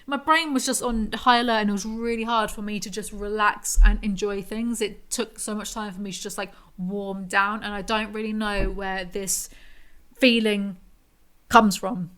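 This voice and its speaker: A woman hosting a podcast, telling a story in a rambling, animated, self-mocking way. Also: medium pitch, moderate pace. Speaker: podcast host. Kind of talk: casual storytelling monologue.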